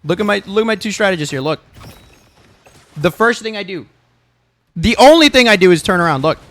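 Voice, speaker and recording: A man's voice: high-pitched, lively intonation, a little fast, fairly bright tone. A young man reviewing his own gameplay footage, insistent and emphatic, repeating himself and swearing freely. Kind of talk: gameplay video review commentary.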